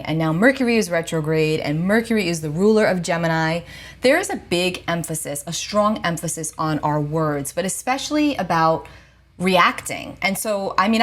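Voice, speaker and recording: Low-voiced woman giving calm spiritual advice. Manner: gentle, reassuring, checks in with "okay?". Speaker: astrologer and psychic. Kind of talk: casual spiritual advice talk to camera.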